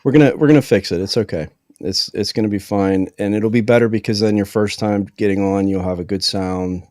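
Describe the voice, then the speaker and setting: A man with a somewhat low voice co-hosting a podcast who calmly reassures and stumbles into restarts. He is recorded close and dry. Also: a little fast, no echo. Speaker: podcast co-host. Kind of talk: casual chat.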